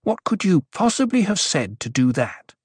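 A man voicing a quick-tempered, imperious young noblewoman in an audiobook, speaking in a sharp, commanding and scornful way. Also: high-pitched, big pitch swings, husky, no echo, pitched above the performer's own voice, heavily acted. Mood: demanding. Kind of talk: audiobook character voice.

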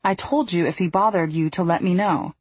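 A jealous, short-fused male investigator barking low, clipped demands, voiced by a woman narrating an audiobook. The tone is husky and breathy. The recording is dry and close. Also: fairly quick, darkish tone, no room sound. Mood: angry.

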